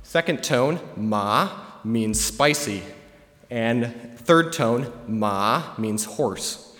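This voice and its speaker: A young man giving a relaxed, chatty presentation to a live audience, with plenty of filler words. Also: mid-range voice, very slow. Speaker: student presenter. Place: large hall with an audience. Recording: long hall reverb.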